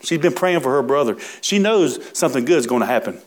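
A man preaches from scripture at an everyday pitch for a man. He is folksy and emphatic, stretching key words out slowly and turning aside to talk with his congregation. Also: expressive. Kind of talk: sermon reading and expounding scripture.

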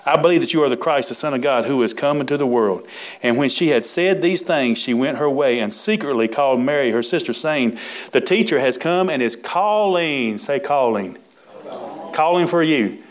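A man's voice: medium pitch, animated. Folksy preacher man drawing out words. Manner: folksy, emphatic, drawn-out words with asides to the congregation. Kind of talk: sermon reading and expounding scripture.

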